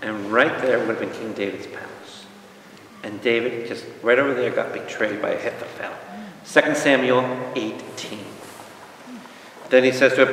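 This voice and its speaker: A man teaching a lively Bible study to an audience, often asking them questions and acting out quotes. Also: medium pitch, normal speed, a little hiss or hum. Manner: animated, asks the audience questions, acts out quotes. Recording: echoey hall from far off.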